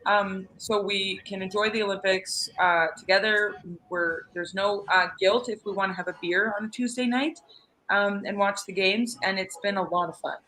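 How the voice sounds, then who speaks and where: A woman's voice: medium pitch, fairly even intonation, moderate pace, pushed and bright, slight background noise, poor audio. A woman, a retired curler, chatting casually as a guest with many fillers and restarts. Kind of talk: casual video interview.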